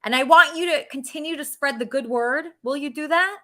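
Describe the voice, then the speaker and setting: High bright-voiced woman hosting. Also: fairly quick. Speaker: host. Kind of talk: comic interview.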